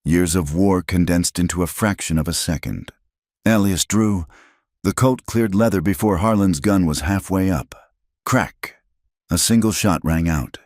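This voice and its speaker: Very deep-voiced male story narrator. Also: unhurried, dry recording, studio quality. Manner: steady, dramatic storytelling. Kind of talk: scripted narration.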